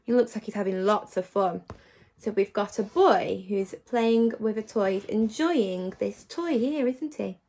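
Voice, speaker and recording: A woman teacher giving a phonics lesson to young children. She praises them often and slows down to sound out words. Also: mid-range voice. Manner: animated and encouraging, praising often.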